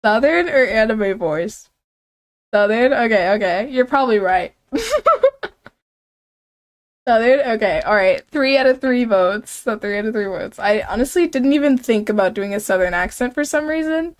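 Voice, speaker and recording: A woman's voice: on the high side, animated, moderate pace. A young woman streaming a game, playfully reading its text aloud and chatting with viewers, giggling often.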